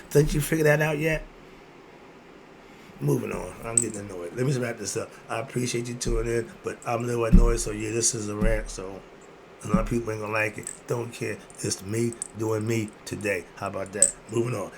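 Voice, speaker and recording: In a brisk ranting monologue, a video host in his sixties poses rhetorical questions and bluntly answers them himself. He speaks with medium pitch, fairly even intonation and vocal fry, over a slight hiss or hum.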